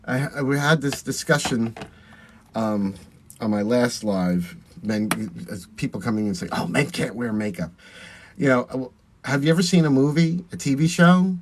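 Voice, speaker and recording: With slight background noise behind him, a man who performs in drag chats on a phone live stream while putting on makeup. He reads viewer comments aloud, answers and thanks them, speaking at medium pitch and moderate pace.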